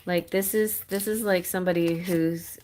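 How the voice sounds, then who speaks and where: A woman's voice: on the low side, fairly even intonation, normal speed, darkish tone, slight background noise. A woman giving a live-stream tarot reading in a chatty, encouraging way, laughing often. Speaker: tarot reader.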